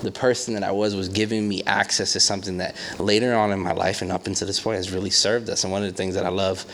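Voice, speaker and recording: A man's voice: low voice, fast, a little hiss or hum. A man preaching in a conversational way, telling stories with lots of fillers and playful acted quotes. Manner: animated storytelling with acted quotes and many fillers. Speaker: pastor. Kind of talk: conversational sermon.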